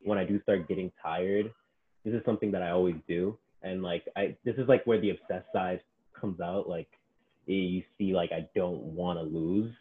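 A man's voice: sits low, moderate pace. A man who works as a personal trainer, chatting casually and acting out what his clients told him. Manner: animated storyteller, acts out clients' quotes. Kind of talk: casual podcast chat. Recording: tinny phone-like sound.

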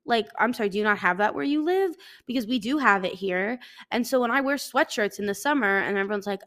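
A woman's voice: medium pitch, quick pace, bright, forceful tone. A young adult woman hosting a casual solo podcast, rambling and self-deprecating, swearing offhandedly as she chats. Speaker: podcast host. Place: living in a hot city.

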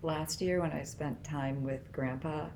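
A middle-aged woman with a low voice tells family stories in a loose, meandering way and livens up when she imitates others. There is a faint steady background ambience under her speech. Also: unhurried, slight background noise. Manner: meandering storyteller, animated when quoting people. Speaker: mother of the other speaker. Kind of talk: casual family chat.

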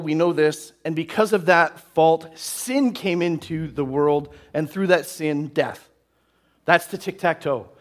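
A man's voice: on the high side, a bit bright. A male pastor preaching a sermon in a conversational way to a church congregation, often asking "right?". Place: church hall.

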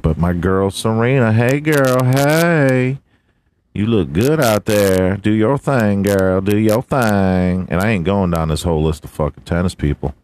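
Joking, swearing man with a lively voice. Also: deep voice. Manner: profane, joking, swings into a big announcer voice. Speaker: podcast host. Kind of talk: casual solo podcast, mock race announcer.

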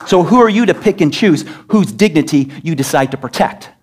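A pastor delivering an emphatic sermon in a church, scolding and asking rhetorical questions. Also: male voice, fairly high pitch, lively intonation, fairly quick, breathy edge. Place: church sanctuary.

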